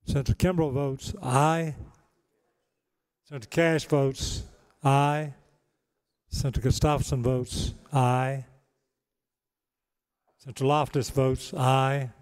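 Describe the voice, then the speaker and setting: A man's voice: medium pitch, little pitch movement, takes it slowly, long pauses, a little mellow, clear, resonant tone. A man presiding over a legislative chamber, announcing votes and rulings in clipped, routine phrasing. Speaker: presiding officer. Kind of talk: formal chair announcements. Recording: distant mic, echoey chamber.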